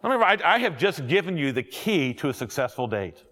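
A middle-aged man, a pastor, preaching a sermon with jokes and quick asides to his audience. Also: a little high, very animated, fairly bright tone, long reverb tail. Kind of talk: sermon to young adults.

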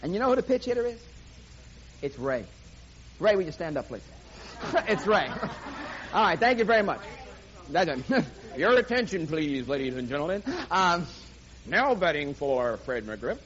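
A man preaching to a live audience, telling a sports story in animated play-by-play style. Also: high voice, normal speed. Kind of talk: sermon with sports illustration. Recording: dull lo-fi recording, faint hiss.

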